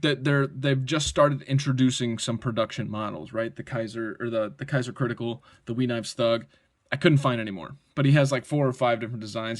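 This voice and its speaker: A man talks through a pocket knife in a loose, excited review, wandering off on tangents and checking in with "right?" as he goes. His voice sits at an ordinary middle pitch, and he swears mildly when something impresses him. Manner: enthusiastic, rambling, frequent "right?" and mild swearing. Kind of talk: casual product review.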